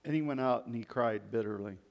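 A man's voice: medium pitch, a little fast, creaky. A man preaching a sermon and reading scripture aloud, reflecting on the passages.

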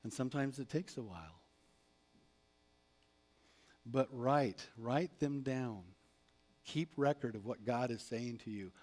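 A man preaching a sermon as a pastor, animated, acting out prayers and replies. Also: medium pitch, slow pace, long pauses.

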